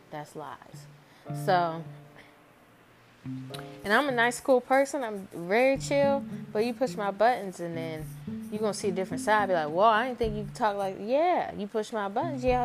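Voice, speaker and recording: A young adult woman hosting a casual storytelling podcast, venting in a chatty way and acting out the people she quotes. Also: medium pitch. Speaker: podcast host. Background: background guitar music.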